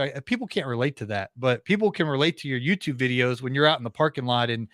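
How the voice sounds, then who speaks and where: A man in a middle-range voice talks earnestly and at length, restarting his sentences as he goes. The sound is dry and close, with no room around him. It is a relaxed, casual interview exchange. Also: medium pitch, quick pace, hardly any pauses, no room sound. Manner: earnest, talkative, many restarts. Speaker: podcast host, interview guest.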